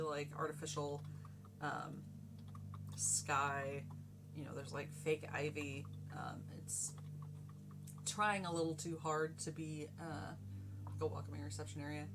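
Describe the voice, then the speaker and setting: A woman running a sci-fi tabletop game as game master, describing scenes with frequent ums and uhs. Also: fairly low pitch. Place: home streaming setup. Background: background music.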